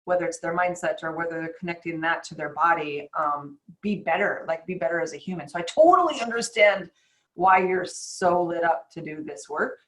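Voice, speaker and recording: A woman's voice: fairly low pitch, a bit bright, poor audio. A woman who hosts a podcast and works as a chiropractor, talking in a chatty, rambling way in a casual interview. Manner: chatty, rambling, quick bursts and laughs.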